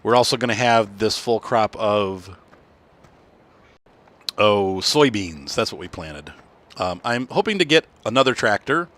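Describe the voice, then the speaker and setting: A man's voice: lowish voice, lively intonation, a little slow, pauses often, fairly bright tone. A tired man hosting a casual farming game playthrough, rambling and correcting himself as he talks. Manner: rambling, self-correcting, yawning. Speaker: gaming channel host.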